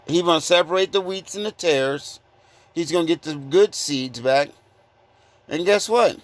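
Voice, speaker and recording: A man preaching informally from scripture, confronting listeners with blunt rhetorical questions and reading verses slowly. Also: fairly high pitch, expressive, no echo. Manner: repeated rhetorical questions, "guess what?"; reads verses slowly and deliberately.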